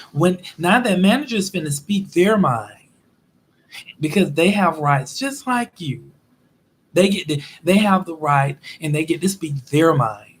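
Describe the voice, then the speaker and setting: A man with a fairly high voice talks straight to his viewers in a loose, casual commentary. He tells his stories in an animated way and breaks into acted-out quotes along the way. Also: slight background noise. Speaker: vlogger.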